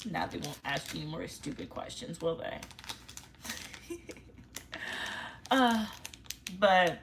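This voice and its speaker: A woman's voice: lowish voice, expressive, slow pace, long pauses, a little hiss or hum. A young woman vlogger in casual chat, chatty and self-mocking, laughing often.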